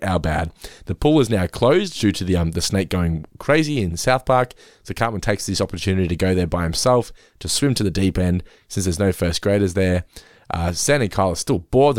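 Man, podcast host, low lively voice, rapid recap, dry close sound. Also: dry recording. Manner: rapid recapping, swearing, laughing asides. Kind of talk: casual episode review chat.

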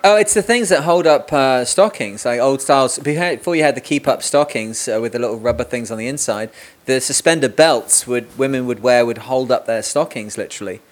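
A man's voice: mid-range voice, brisk. A man hosting a podcast interview from home, chatting casually with lots of fillers and jokes. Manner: joking, rambling with many fillers. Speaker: podcast host. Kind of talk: casual remote interview chat. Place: home room with a cat.

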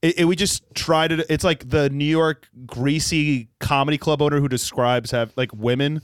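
Guy comedian on a podcast, quick jokey storytelling, dead dry sound. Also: fairly high pitch, clean tone, no echo. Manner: animated storytelling, quick joking, slips into impressions. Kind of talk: casual podcast chat.

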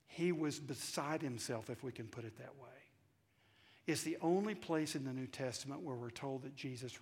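A man with a Southern American accent preaching a sermon, telling a story and swinging between hushed asides and loud, emphatic climaxes. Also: mid-range voice. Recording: reverberant hall.

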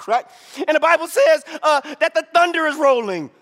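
A man preaching a sermon in a church hall, peppering it with "right?" and swinging between shouted lines and hushed asides. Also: extremely high pitch, lively intonation, normal speed. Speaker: pastor.

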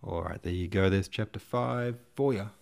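A relaxed male narrator reading a classic novel aloud. His voice sits on the low side, and he keeps his delivery plain and informal. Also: moderate pace, gravelly. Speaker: host and audiobook narrator. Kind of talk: audiobook narration.

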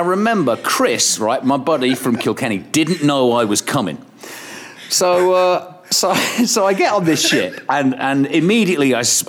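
A man's voice: medium pitch, fairly bright tone. A middle-aged Irish man, a radio presenter, telling casual stories as a podcast guest, rambling with restarts, laughter and swearing. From Ireland. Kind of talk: casual storytelling interview.

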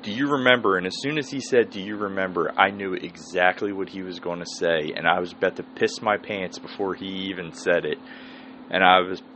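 A man's voice: deep voice, a bit bright, a little hiss or hum, rough recording. A man, hosting a solo podcast and telling a rambling, profane story. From Philadelphia area. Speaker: podcast host.

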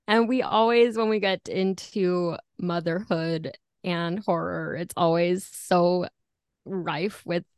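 Lowish, animated woman guest. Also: slow pace, clean tone, no echo, studio quality. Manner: animated, trailing restarts and laughs. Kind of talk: casual podcast chat.

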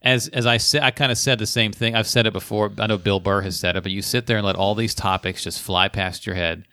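A man's voice: on the low side, brisk, clear, resonant tone, dry recording. A man, a stand-up comedian, telling a story in a casual chat and acting out the people he quotes. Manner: animated storyteller, acts out quotes. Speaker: stand-up comedian, podcast guest.

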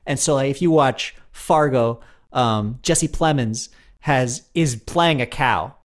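A man's voice: mid-range voice, slow. A man in casual comedic chat, rambling through stories, laughing often and swearing offhand.

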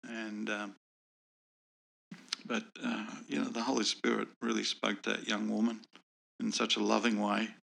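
Guest testimony: earnest man, low and gravelly, bright tense edge. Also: flat delivery, measured pace, pauses often. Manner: earnest, reflective. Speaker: guest sharing personal testimony. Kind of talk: conversational faith storytelling.

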